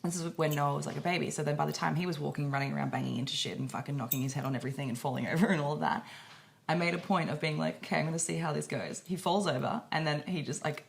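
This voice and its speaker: A woman, co-hosting a podcast in casual chat, telling stories with animated delivery and freely swearing. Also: low voice, racing, vocal fry. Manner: animated storytelling, swears freely, acts out quoted voices. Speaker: podcast co-host.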